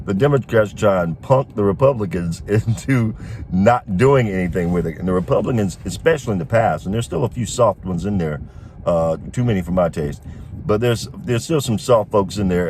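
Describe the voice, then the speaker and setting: Opinionated man with a low voice. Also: darkish tone, slight background noise. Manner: opinionated, chuckles often. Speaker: political commentator. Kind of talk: casual political commentary.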